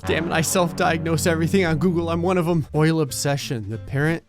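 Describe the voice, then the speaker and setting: A man's voice: on the high side, fast talker, soft background music. A young man giving sarcastic, jokey gameplay commentary, reading game text aloud with wisecracks.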